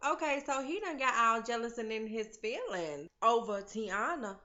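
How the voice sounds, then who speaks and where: Woman doing a tv recap, bright voice, lively, acts out the lines, kinda muffled audio. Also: a little high, moderate pace, hardly any pauses. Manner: animated, chatty, acts out characters' lines. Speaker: TV recap vlogger. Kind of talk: casual TV recap chat. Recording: slightly dull lo-fi audio.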